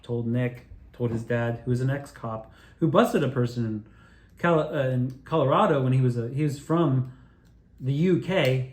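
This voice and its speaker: A man spins a meandering, excitable personal story, swearing freely and tripping over restarts. His voice sits at a middle pitch. The sound bounces around an echoey room. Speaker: video creator telling his own story.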